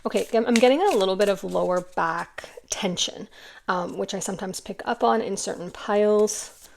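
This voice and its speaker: A woman's voice: medium pitch, normal speed, creaky, slight background noise. A woman giving a casual intuitive card reading to camera, chatty and rambling with many restarts. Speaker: tarot card reader.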